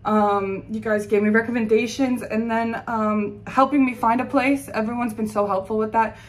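A woman's voice: a little high, steady tone, moderate pace, rough recording. A young woman in her twenties talking casually to her phone camera in her apartment, candid and self-mocking, with lots of fillers. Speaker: vlogger. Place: her apartment in New York.

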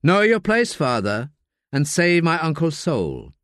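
A man's voice: on the high side, huge pitch swings, a little slow, fairly bright tone, dry recording, pitched above the performer's own voice, heavily acted. A man voicing a hard, resentful young man who talks down to a priest, in a dry audiobook reading. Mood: scornful. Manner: commanding, resentful. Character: hard, bitter young man, menacing nephew.

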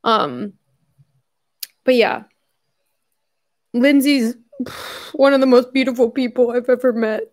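A young woman in her twenties, hosting a casual livestream while tearful and crying, speaking haltingly with soft laughs. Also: on the high side, fairly even intonation.

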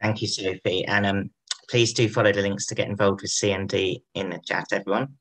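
A man chairing a panel in a relaxed way, reading out audience questions and introducing speakers. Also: lowish voice, a little fast, low-quality recording. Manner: relaxed, reads out audience questions, some fillers.

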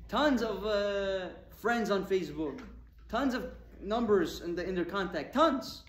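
A man's voice: sits high, measured pace, slight background noise. A male rabbi giving a Torah talk, firing rhetorical questions at his audience with emphasis. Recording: echoey room with faint ambience.

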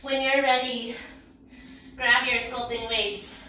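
A woman's voice: on the high side, little pitch movement, slow pace, pushed and bright, very echoey, distant mic, slight background noise. A woman fitness instructor leading a workout class, counting reps and cheering with whoops and laughs, out of breath.

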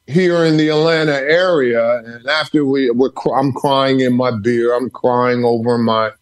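Male podcast guest telling stories from his home study, emphatic and preacher-like in his repetition. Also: medium pitch. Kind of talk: storytelling interview.

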